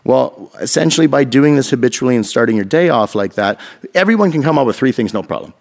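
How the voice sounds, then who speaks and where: A man from Canada, a guest on a podcast, talking in a casual, energetic way and swearing freely as he tells stories. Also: medium pitch, fast talker, gravelly. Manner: energetic, profane, storytelling. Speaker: podcast guest, fitness coach.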